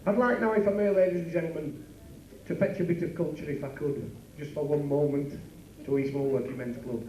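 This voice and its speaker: Bawdy club comic, high voice. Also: male voice, steady tone, warm tone. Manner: bawdy, rapid patter with asides to the crowd. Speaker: club comedian. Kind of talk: stand-up comedy. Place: working men's club stage. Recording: echoey room from far off, noisy.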